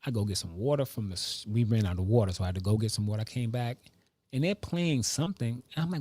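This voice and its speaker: A man and father telling family stories in a casual vlog, animated, with sudden pitch jumps and hushed asides. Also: a little fast, no room sound. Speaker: vlogger. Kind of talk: casual storytelling monologue.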